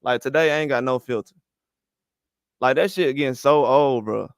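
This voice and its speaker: A man's voice: mid-range voice, normal speed, clean tone, no echo, clean studio sound. A man ranting about boxing with heated, profane speech and repeated rhetorical questions. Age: older. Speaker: boxing commentary host. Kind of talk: heated opinion rant.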